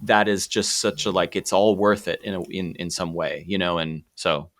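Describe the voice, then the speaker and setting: A man hosting a podcast interview, reflective and casual, with occasional swearing, and he grows softer when he is moved. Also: low voice, level tone, normal speed. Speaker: podcast host. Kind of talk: conversational interview.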